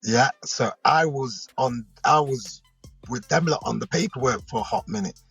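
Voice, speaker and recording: Gravelly and slightly rough, his mid-range voice moves at a normal speed as the British rapper spins loose, lively anecdotes in a relaxed interview, often checking that the listener is following. He's from the United Kingdom, and faint music plays behind the lo-fi audio.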